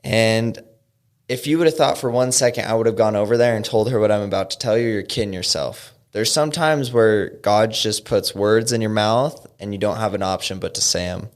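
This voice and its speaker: A young man from Utah telling his recovery story as a guest, halting with frequent fillers and restarts. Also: on the low side. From Utah, USA. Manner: halting, lots of "you know" and "um", restarts. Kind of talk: personal storytelling in an interview.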